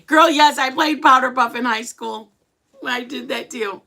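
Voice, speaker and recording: A woman's voice: high voice, a little slow, creaky. A middle-aged woman hosting a livestream, chatting casually with viewers and telling stories dramatically. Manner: animated, chatty, dramatic storytelling. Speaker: livestream host.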